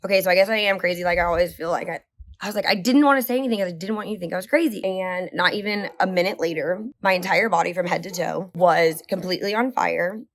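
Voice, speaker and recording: Chatty woman vlogger rambling through a story. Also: fairly low pitch. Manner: animated, rambling, heavy use of "like"; speeds up and slows down often. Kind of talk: casual storytelling to camera.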